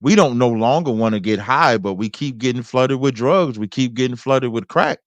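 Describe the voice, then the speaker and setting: A man hosting a debate who reads scripture aloud in a preacherly way, slowing down for the verses. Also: mid-range voice, dry recording. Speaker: host.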